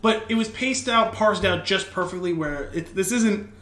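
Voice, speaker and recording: A man's voice: high voice, normal speed, fairly bright tone, echoey room. A man co-hosting a podcast, chatting casually and correcting himself as he goes. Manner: chatty, self-correcting, enthusiastic. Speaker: podcast co-host. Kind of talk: casual chat.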